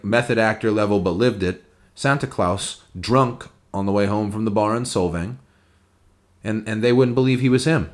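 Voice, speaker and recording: A man co-hosting a comedy podcast, telling a rambling, profane story full of fillers. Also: lowish voice. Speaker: podcast co-host. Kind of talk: casual comedic chat.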